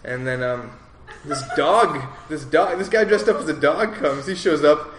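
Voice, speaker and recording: A man's voice: a little high, unhurried, roomy sound, noisy background. A man telling a long personal story in a loose, rambling way, full of fillers and restarts, laughing at himself now and then. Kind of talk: casual spoken story, rambling and animated.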